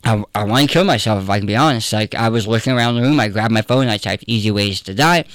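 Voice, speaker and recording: A man's voice: fairly low pitch, fast talker, no room sound. Man, pastor, earnest, candid, interview storytelling, close dry mic. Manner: candid, earnest, conversational with fillers.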